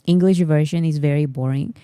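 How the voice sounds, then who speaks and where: Woman, Spanish speaker, chatty livestream host, warm mellow tone, dry close sound. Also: low-pitched, a little fast, smooth, dry recording. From Peru. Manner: chatty, laughs often. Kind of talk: casual livestream chat.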